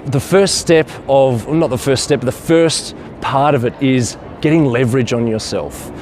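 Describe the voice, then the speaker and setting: A man's voice: mid-range voice, moderate pace, a little mellow, soft background music. A man vlogging outdoors and telling a story in an enthusiastic, rambling way. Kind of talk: casual storytelling to camera.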